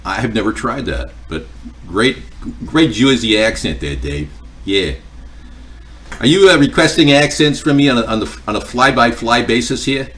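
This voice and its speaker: A man's voice: medium pitch, expressive, normal speed, fairly bright tone, far from the mic. A man hosting a cooking livestream at home, chatting casually and joking with viewers in a rambling way. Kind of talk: casual chat answering viewer comments. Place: home kitchen.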